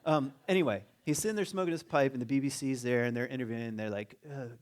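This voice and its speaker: A man giving a conversational spiritual talk as guest teacher in a church, animated and jokey, reading quotes aloud slowly. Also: medium pitch. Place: church sanctuary.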